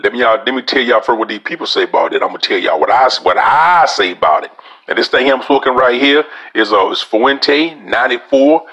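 A man hosts his podcast in a relaxed, folksy drawl, calling his listeners "y'all" as he chats through a cigar review. His voice sits at a middling pitch with a bright, forward edge. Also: brisk. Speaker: podcast host.

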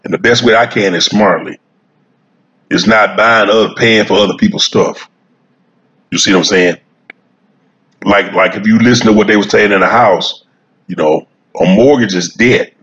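Smoking a cigar outdoors, a man chats directly to his viewers about cigars, chuckling through a folksy, repetitive, rambling monologue. He speaks at a normal speed but pauses often, with a fairly low pitch and fairly bright tone. The audio is dull.

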